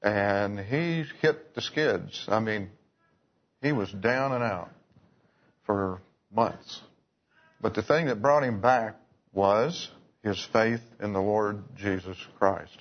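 A man's voice: fairly low pitch, slow. A man preaching a sermon, telling stories in a folksy way with restarts and asides. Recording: dull lo-fi recording.

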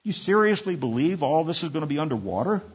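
A man voicing a mocking, skeptical ancient man who scoffs loudly, in a husky voice on a dull recording. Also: on the high side, very animated, quick pace, voice pushed up. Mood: scoffing.

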